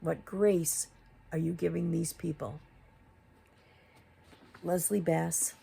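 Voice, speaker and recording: Speaking slowly with fairly even intonation, this woman has a warm, husky, fairly low voice with vocal fry. As a commentary YouTuber she goes after another creator with rhetorical questions, her confrontation building to exasperated emphasis.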